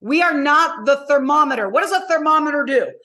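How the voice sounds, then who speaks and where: A middle-aged woman coach giving a live online masterclass, telling stories in an emphatic, animated way. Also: sits high, a little fast. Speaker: motivational coach.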